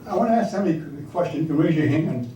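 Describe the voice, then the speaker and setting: A man's voice: a little high, expressive, very fast, mellow, a little hiss or hum. Older man telling war stories, far off in an echoey room. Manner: anecdotal, conversational, asks audience questions. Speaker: speaker recounting wartime service. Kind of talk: storytelling talk to an audience. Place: hall or meeting room with audience.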